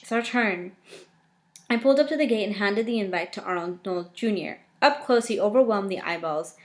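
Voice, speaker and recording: A woman reading a first-person novel aloud, often breaking off to react with lively, joking asides. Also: mid-range voice.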